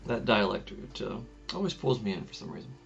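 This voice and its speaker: A man co-hosting a casual podcast, speaking haltingly with many pauses and restarts. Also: lowish voice, big pitch swings, vocal fry. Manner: hesitant, halting, restarts a lot. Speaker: podcast co-host. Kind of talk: casual chat. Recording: dull lo-fi sound with faint music.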